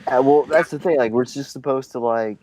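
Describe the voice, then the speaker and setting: A man's voice: medium pitch, brisk, darkish tone, no room sound, low-quality recording. A young man chatting on a podcast, swearing freely and rambling through a story. Nearly every phrase has a "like" or "man" in it. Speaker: podcast co-host telling a story. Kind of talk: casual profane chat.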